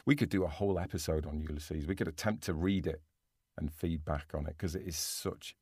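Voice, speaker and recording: A deep-voiced man co-hosting a podcast, talking things through casually and loosely. He restarts his sentences often as he thinks aloud. The recording is dry and close. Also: a little fast, a little mellow, slightly rough, no echo. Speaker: podcast co-host. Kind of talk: casual chat.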